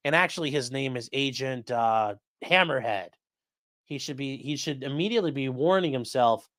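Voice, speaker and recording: A man's voice: on the high side, fairly quick, fairly bright tone, no echo, studio quality. A man hosting a casual commentary show who swears freely and acts out the quoted lines in changing voices. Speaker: host.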